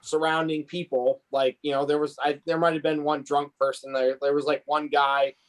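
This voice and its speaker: A man's voice: fairly high pitch, little pitch movement, normal speed, rough recording. A man co-hosting a podcast, telling rambling stories in casual chat with many restarts. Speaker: podcast co-host.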